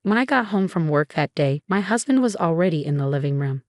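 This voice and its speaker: A woman reading a first-person family drama in an even, steady storytelling voice. Her voice sits a little low, and the recording is close and completely dry. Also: brisk, no room sound. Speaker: narrator.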